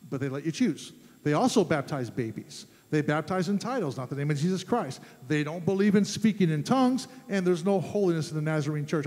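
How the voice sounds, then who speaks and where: A man preaching a sermon as pastor, emphatic, rising to loud fervent peaks. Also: fairly high pitch. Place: church sanctuary. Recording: long church reverb.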